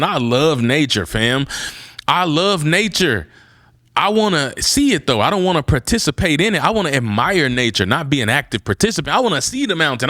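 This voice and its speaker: A male podcast host with tells a story with big swings in pitch and a bright, forceful tone. He is theatrical and playful and acts out his reactions. The recording is close and dry. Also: dry recording. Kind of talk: animated storytelling monologue. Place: studio with a table.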